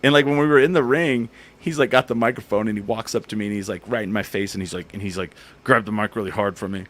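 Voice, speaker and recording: A man hosting a casual comedy talk show, telling an animated story and acting out what people said. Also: on the low side, fast. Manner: animated storyteller, acts out quotes. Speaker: podcast host and comedian.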